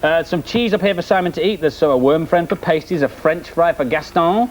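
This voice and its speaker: A man's voice: on the high side, fairly quick. A man co-hosting a children's TV show, chirpily reading out a viewer's letter and thanking them. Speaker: children's TV co-host.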